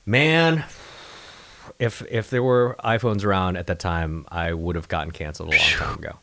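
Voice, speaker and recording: Low-voiced, animated podcast host. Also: male voice, normal speed, creaky. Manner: animated storyteller, swears casually. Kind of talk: casual chat.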